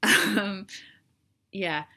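A woman's voice: medium pitch, drawn-out words, gravelly, pushed and bright. A young woman vlogging casually to camera, rambling and self-deprecating, now and then trying an American accent on single words. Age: young adult. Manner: jokey, attempting an American accent on odd words.

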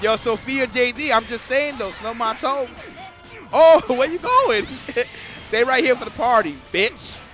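A man doing live commentary on a fighting game match, excitable and swearing freely, breaking into shouts. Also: very high-pitched, measured pace, music in the background.

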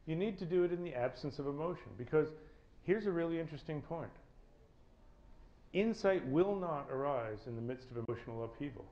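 A man's voice: medium pitch, a little mellow. A man giving a talk to a live audience as a corporate speaker, leading them through hands-on exercises.

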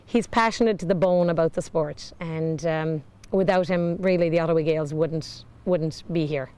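A woman's voice: sits low, normal speed, mellow, clear, resonant tone. A woman talking in an interview about her team, earnest and heartfelt. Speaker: team member.

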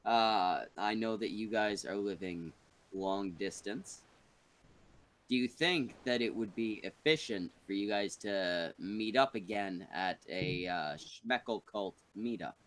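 A man's voice: on the low side, slow, fairly bright tone. A man hosting a podcast stream in casual chat, rambling and joking crudely, full of uh and restarts. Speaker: podcast host.

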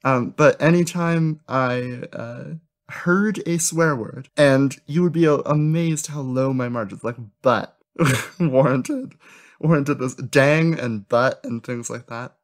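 A woman's voice: rumbling low, slow. A young adult woman guesting on a podcast, chatting casually in a hesitant, wry, self-conscious way.

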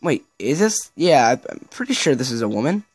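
A man hosting a let's-play video, giving excitable, casual, cussing commentary. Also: mid-range voice, fairly quick, no echo, faint music behind. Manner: excitable, swears, says yo and dude a lot. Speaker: gaming video host.

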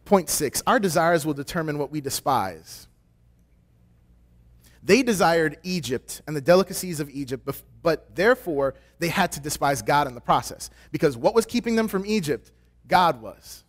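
A man delivering a sermon as a pastoral intern, conversational and joking, acting out quoted voices with big swings in pitch. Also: lively intonation, moderate pace.

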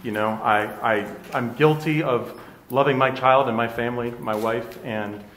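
This middle-aged hypnotherapist has a mid-range, slightly bright voice and a steady tone at normal speed. He gives a candid, conversational motivational talk in an echoey room with a little hiss or hum, often checking in with listeners via tag questions.

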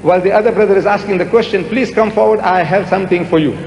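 Emphatic high-voiced man in a hall. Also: fairly even intonation, fast, vocal fry, darkish tone, dull audio. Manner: emphatic, repeats words for effect. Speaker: public speaker answering audience questions. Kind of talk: public lecture Q&A. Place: large lecture hall with audience. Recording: echoey hall with long reverb, faint noise.

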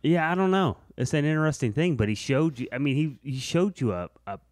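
A man's voice: a little high, expressive, brisk, a little mellow, no room sound, studio quality. A man co-hosting a podcast in casual chat, reacting with wry asides. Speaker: podcast co-host.

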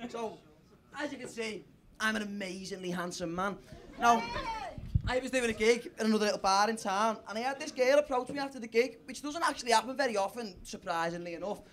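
A man's voice: high-pitched, fairly quick, a bit bright, a little hiss or hum. A young man doing a crude, rambling stand-up story on a comedy club stage. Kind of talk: stand-up set. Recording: live club crowd laughter. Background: audience laughing.

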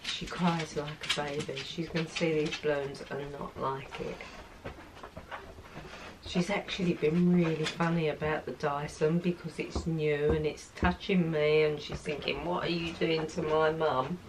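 A woman in her sixties chatting casually on her lifestyle vlog, soft-spoken and heartfelt. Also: low voice, fairly even intonation, unhurried, noisy background. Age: 60s. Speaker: lifestyle vlogger.

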